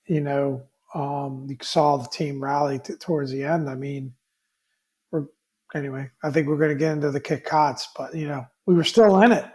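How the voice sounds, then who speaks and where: A man's voice: a little high, steady tone, normal speed, a little mellow. Rambling man, raised voice, talking sports. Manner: rambling, many fillers and restarts, laughs easily. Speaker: podcast co-host. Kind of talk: casual sports chat.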